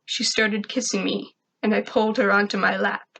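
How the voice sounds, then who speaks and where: A woman reading a first-person fan fiction story aloud, steady and even. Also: medium pitch, moderate pace, creaky.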